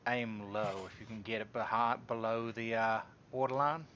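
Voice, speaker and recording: A man playing a tabletop game, making dry, unhurried remarks. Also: lowish voice, steady tone, lo-fi sound, noisy background. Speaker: player. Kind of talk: tabletop role-play chat.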